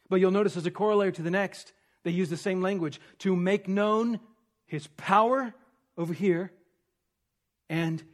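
A pastor delivers an expository sermon in a fairly high voice, teaching through rhetorical questions. He swings between emphatic stress and hushed, almost whispered points.

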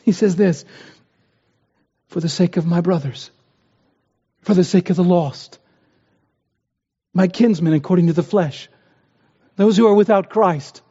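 A man's voice: high-pitched, measured pace, pauses often, dark tone, breathy edge. A man preaching a sermon, earnest and building to impassioned pleas. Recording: dull, roomy hall sound.

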